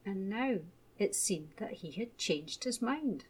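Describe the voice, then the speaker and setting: A woman gently reading a children's story aloud. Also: medium pitch, lively intonation, breathy edge. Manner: gentle, measured.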